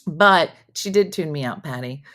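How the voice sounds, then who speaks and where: A woman hosting a comedy morning show, chatting casually, telling animated stories with frequent laughs and acting out family exchanges. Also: low voice, moderate pace. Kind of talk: casual live-show chat reading viewer comments.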